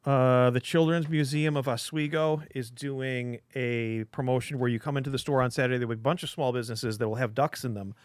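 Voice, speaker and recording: A man's voice: medium pitch, steady tone, brisk, hardly any pauses, clear, resonant tone, dry recording. A man hosting a casual live stream from a comic shop, opening cards and rambling with jokes and filler sounds.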